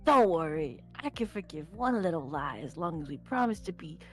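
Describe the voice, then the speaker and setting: A woman voicing a creepy middle-aged man who speaks in a smug, slow and overly formal way. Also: low voice, big pitch swings, soft background music.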